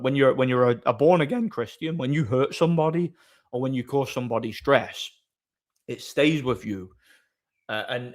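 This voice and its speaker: Streamer, middle-pitched voice, loose rambling chat replies. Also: male voice. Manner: rambling, answers chat comments aloud. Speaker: live streamer. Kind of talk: casual live-stream chat.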